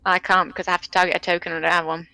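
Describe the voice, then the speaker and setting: A woman playing a tabletop game, chatting in a lively, playful way. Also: lowish voice, racing, gravelly, rough recording. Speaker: player. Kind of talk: casual chat at a tabletop game.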